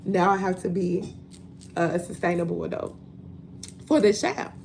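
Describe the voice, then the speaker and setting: A woman's voice: fairly low pitch, flat delivery, normal speed, creaky, darkish tone, slight background noise. A woman in her forties from Chicago with a Chicago accent, talking bluntly and laughing often in a casual livestream monologue. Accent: African American Chicago. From Chicago, USA. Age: 40s. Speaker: livestream host.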